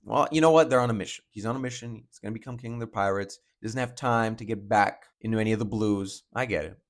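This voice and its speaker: Low-voiced man musing casually. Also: quick pace. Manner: chatty and musing, thinks aloud with fillers. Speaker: manga reaction host. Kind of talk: casual reaction commentary.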